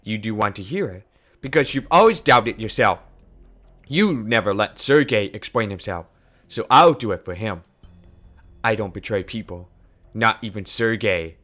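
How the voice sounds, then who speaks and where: A man voicing a quiet, somber old scientist. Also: on the low side, expressive, normal speed. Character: older male scientist mentor, calm and sorrowful. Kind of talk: reading game dialogue aloud.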